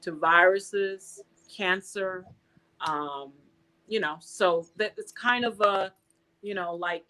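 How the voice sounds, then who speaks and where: A woman's voice: lowish voice, slow, poor audio. American woman telling her story. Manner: animated, acts out quoted dialogue. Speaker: guest. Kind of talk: casual interview storytelling.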